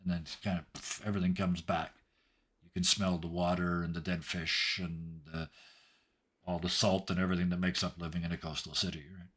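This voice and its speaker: A man's voice: sits low, level tone, fairly quick, fairly bright tone. A man running a tabletop game as game master, narrating scenes in a loose, descriptive way with asides.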